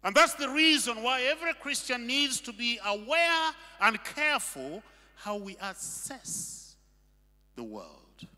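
High, lively preaching man in an echoing hall. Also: unhurried. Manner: emphatic preaching with rhetorical questions. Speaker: pastor. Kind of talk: sermon. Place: church hall. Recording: long reverb of a hall.

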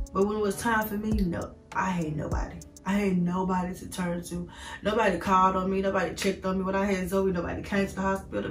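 A woman's voice: medium pitch, recorded from a distance. Woman vlogger in an echoey room. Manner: candid, rambling, leans on "like"; talks straight to viewers as "y'all". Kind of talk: emotional storytime vlog.

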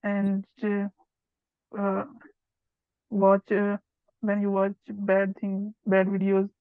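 A woman's voice: mid-range voice, monotone, dry recording. Hesitant woman learner on a tinny line. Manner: hesitant, halting, many pauses and fillers. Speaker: English learner taking a test. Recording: tinny, phone-like call audio.

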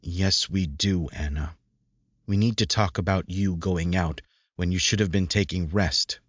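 A man voicing a firm, possessive male werewolf who is gentle with a little girl, in a low, steady voice. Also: a little slow, no room sound. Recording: dry dull lo-fi recording.

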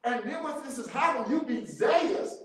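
Animated high-voiced man teaching in an echoey church. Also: a little fast. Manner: animated, laughing often, repeating key words. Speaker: Bible study teacher. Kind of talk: church Bible study teaching. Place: church room.

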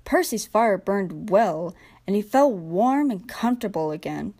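A young woman narrating a children's train storybook in a gentle, expressive read-aloud manner. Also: medium pitch, a little slow, slightly rough. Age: young adult. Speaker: storybook reader.

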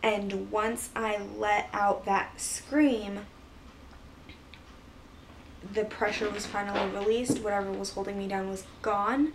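A woman vlogger tells a personal story in a loose, rambling way, full of fillers and restarts. Her voice stays level and mid-pitched with little rise or fall. She sits a little back from the mic, with a faint hiss in the background. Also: level tone, slow pace, distant mic. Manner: rambling, filler-heavy retelling. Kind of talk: casual storytelling.

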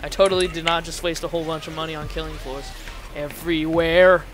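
A man's voice: a little high, flat delivery, fairly quick, music in the background. A man from Indiana doing casual, joking gameplay commentary over voice chat. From Indiana, United States. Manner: joking, teasing, goofy. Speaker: gamer host.

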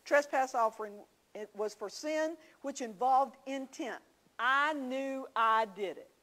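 A woman's voice: high voice, a little slow, fairly bright tone, poor audio. A woman teaching a church class, telling homey stories with confiding asides. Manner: folksy storytelling, confiding asides.

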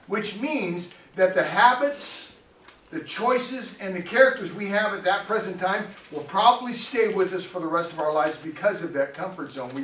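A man's voice: high voice, a bit bright. A middle-aged man, a pastor, preaching a sermon in a chatty, storytelling way with frequent laughs, in a church sanctuary. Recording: echoey church hall, distant mic, faint noise.

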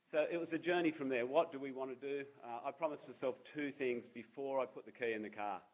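A man's voice: medium pitch, a little fast, poor audio. A man in his fifties with an Australian accent, giving a seminar talk as a charity founder, telling personal stories with self-deprecating humour. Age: 50s. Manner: humorous, self-deprecating storyteller. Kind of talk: public talk with personal anecdotes.

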